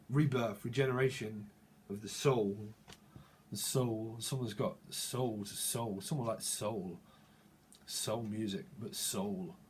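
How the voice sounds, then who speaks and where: A man's voice: fairly low pitch, a little hiss or hum. A man giving a tarot reading, free-associating through wordplay and chuckling as he goes. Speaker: tarot reader.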